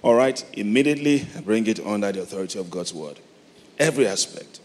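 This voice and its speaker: A middle-aged Nigerian man preaching a sermon, moving from soft, reflective storytelling to loud, emphatic calls. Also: fairly low pitch, expressive, fast. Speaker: pastor. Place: large church hall. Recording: long hall reverb, faint noise.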